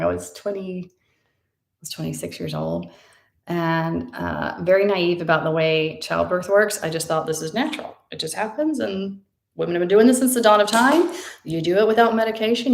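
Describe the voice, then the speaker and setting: Creaky-voiced woman telling a story. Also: on the low side, reverberant. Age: 30s. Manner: chatty, emotional, many fillers, acts out quotes. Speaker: vlogger. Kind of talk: casual personal storytelling.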